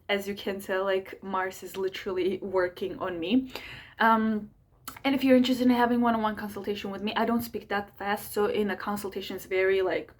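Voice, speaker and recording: A young woman astrologer and channel host, talking fast and energetically in a chatty monthly horoscope video, with many fillers. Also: medium pitch. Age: young adult. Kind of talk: fast casual monthly horoscope talk to camera.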